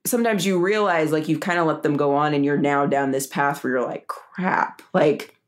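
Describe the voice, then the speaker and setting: A woman who works as a family and couple therapist, chatting in a relaxed way and acting out the lines she quotes. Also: deep voice, a little fast. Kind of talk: casual chat.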